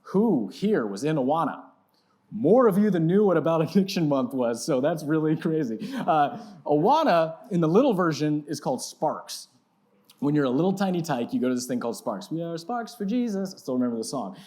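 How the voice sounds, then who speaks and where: A man in his thirties delivering a sermon from a church stage, telling a funny story about himself. His voice leaps up high for comic moments and sinks low and soft when he turns serious. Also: a little fast. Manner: animated, self-mocking storyteller with big pitch swings. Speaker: pastor. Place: church sanctuary.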